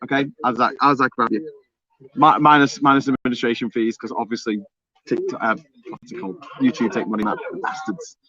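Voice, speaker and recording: A man with a Liverpool accent hosting a casual live stream, chatting and reading out viewer comments with jokey excitement. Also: medium pitch, fairly quick, dull audio, crowd noise. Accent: Liverpool (Scouse). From Liverpool, England. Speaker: livestream host.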